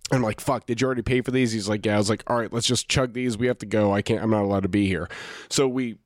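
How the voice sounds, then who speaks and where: A man's voice: on the low side, fairly even intonation, fast, no echo, studio quality. A man telling a long story in casual chat, profane and self-deprecating, often stopping and restarting his sentences. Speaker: podcast co-host.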